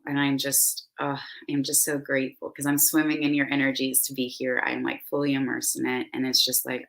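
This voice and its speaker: Effusive low-voiced woman guiding a meditation. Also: fairly bright tone, low-quality recording. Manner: effusive, rambling, full of "like" and "right?". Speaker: spiritual host leading a meditation ceremony. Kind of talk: casual spiritual guidance talk.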